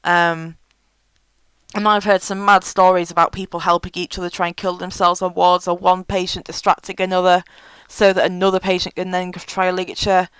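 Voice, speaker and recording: A woman's voice: lowish voice, level tone, brisk, a bit bright, clear, resonant tone, dry recording, rough recording. A woman giving frank, chatty advice in a casual vlog, with many fillers. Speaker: vlogger.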